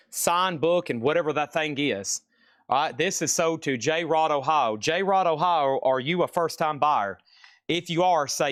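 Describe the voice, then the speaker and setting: A man hosting a live-streamed vinyl record sale, briskly listing records and prices and apologizing for delays. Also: fairly high pitch, fairly bright tone, no echo, studio quality.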